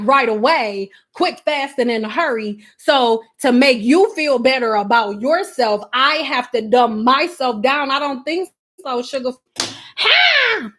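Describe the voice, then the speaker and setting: A high-voiced woman chats live on her hair care channel, sassy and blunt. She jumps from loud, excited outbursts to muttered asides, and she jokes that her voice sounds a little aggressive. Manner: animated, sassy, swings between loud outbursts and quiet asides. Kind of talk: casual livestream chat.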